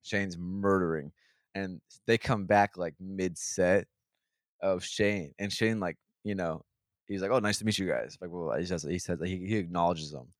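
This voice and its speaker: A man's voice: low-pitched, fairly even intonation, normal speed, no echo, clean studio sound. A young man casually telling a long, profane story on a podcast, rambling with many restarts and acting out what people said. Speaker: podcast host.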